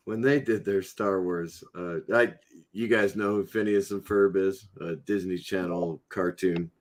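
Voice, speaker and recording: A man's voice: deep voice, fairly even intonation, a little slow. Laughing middle-aged American man. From United States. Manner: laughs often, joking. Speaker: livestream host. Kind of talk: casual chat.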